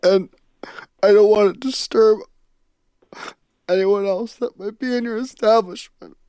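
A podcast host hams it up with melodramatic wails and mock sobs, stammering through halting restarts. The delivery is slow and drawn out, and the sound is dry and close with no room echo. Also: mid-range voice, steady tone, warm tone. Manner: melodramatic wailing and mock sobbing. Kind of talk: improvised comedy role-play.

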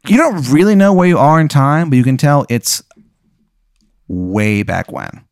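A man's voice: on the high side, lively intonation, measured pace, no room sound, clean studio sound. A man hosting a comedy talk, improvising a profane, rambling story and narrating it to his guest in the second person. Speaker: host.

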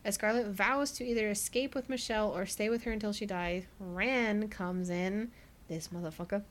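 A woman's voice: medium pitch, moderate pace. A woman co-hosting a podcast, recapping a book in a casual chat, who laughs often and says "like" a lot. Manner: chatty, laughs often, many "like" fillers. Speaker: podcast co-host.

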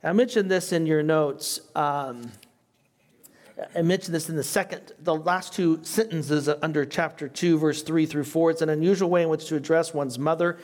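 A man's voice: a little high, fairly even intonation, normal speed, darkish tone. A man with a slight foreign accent, a pastor teaching a Bible study in a conversational way and asking his class questions. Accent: non-native English.

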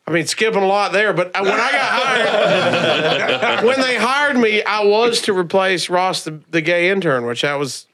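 A man, a comedian guest on a podcast, telling stories in a casual, animated way, laughing and doing the voices of people he quotes. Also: high voice, unhurried, over a noisy crowd. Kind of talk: casual storytelling.

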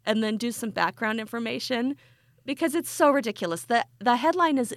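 A woman co-hosting a podcast, chatting casually and telling a story in a giggly, animated way. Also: fairly high pitch, a little fast, dry recording. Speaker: podcast co-host. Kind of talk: casual chat.

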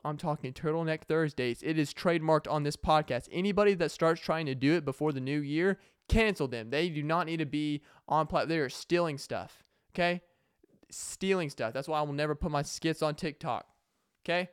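A man's voice: on the high side, a little fast, clean tone, no room sound, studio quality. A young man hosting his own podcast, talking alone in a rambling, joking way that turns emotional, with many restarts and fillers. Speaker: podcast host. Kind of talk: casual solo podcast monologue.

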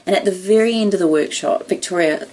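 A woman telling a story in casual chat, animated, laughing often and acting out the people in it. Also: lowish voice, fast, husky. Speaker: guest storyteller.

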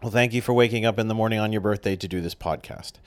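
A man's voice: on the low side, fast. A man hosting a podcast, asking questions in a joking, teasing casual chat. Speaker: podcast host.

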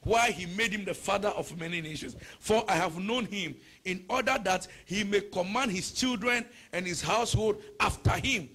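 A man preaching a sermon, moving from shouted, sing-song prayer to conversational teaching full of rhetorical questions. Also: high voice, normal speed, few pauses. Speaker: pastor.

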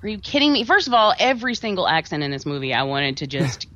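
A woman co-hosting a podcast, chatting casually about a horror movie in an animated, wry way. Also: fairly low pitch, quick pace, highs cut off. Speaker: podcast co-host. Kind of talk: casual movie review chat.

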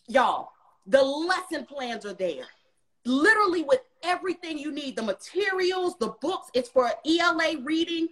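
Lady with a high voice, a tutoring boss on a live interview, preachy and repeats herself, says y'all a lot. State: emotional at times. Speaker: tutoring center owner, guest. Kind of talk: passionate advice to parents in a live interview.

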